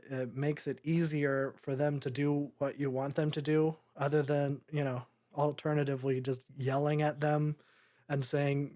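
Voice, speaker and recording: A man's voice: medium pitch, a little mellow. A young man co-hosting a podcast, reviewing a movie in rambling, sarcastic casual chat full of fillers. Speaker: podcast co-host.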